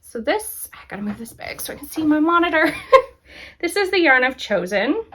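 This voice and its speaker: A woman hosts a knitting podcast, showing her projects in a casual, enthusiastic show-and-tell chat and laughing often. Her high, slightly bright voice swings widely in pitch at a normal speed.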